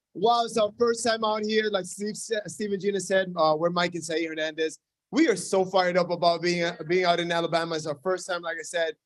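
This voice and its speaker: A man with a New York City accent and a high, light voice tells a humorous story to a crowd at a launch event. He peppers his talk with "right?" and filler sounds. The sound is dry and close. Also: moderate pace, dry recording. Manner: jokey, animated, frequent "right?" and "uh". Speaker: speaker at a business launch event. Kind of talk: storytelling onstage speech. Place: event room with an audience.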